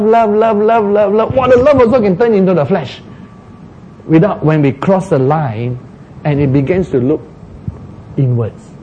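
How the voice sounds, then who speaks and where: A man preaching a sermon, slow and emphatic, acting out laments dramatically. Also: on the high side, dark tone, a little hiss or hum, low-quality recording. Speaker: pastor.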